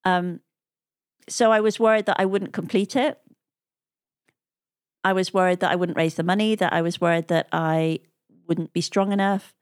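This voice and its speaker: A woman's voice: on the low side, steady tone, normal speed, pauses often, clear, resonant tone, no room sound. Chatty laughing woman, dry close sound. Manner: chatty, laughs often, quotes people. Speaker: interview guest, paddleboarder. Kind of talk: conversational storytelling.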